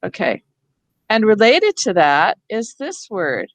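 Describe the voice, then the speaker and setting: A woman's voice: mid-range voice, wildly swooping pitch, slow pace, dry recording. A woman leads teachers through a reading workshop over a video call, explaining patiently step by step.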